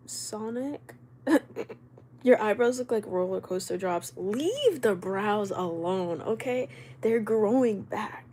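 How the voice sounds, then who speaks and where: A woman's voice: mid-range voice, lively intonation, warm tone, a little hiss or hum. Chatty young woman reading live chat. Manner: chatty, quick retorts, frequent laughs. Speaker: livestreamer. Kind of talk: casual livestream chat reading comments. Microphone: camera mic while live streaming.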